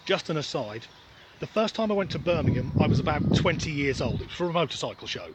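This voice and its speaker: A man's voice: a little high, a little hiss or hum. A middle-aged Englishman from Norfolk with a generic Southern English accent, giving a blunt, sweary, sarcastic opinion monologue outdoors. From Norfolk, England. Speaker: vlogger. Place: outdoors, windy.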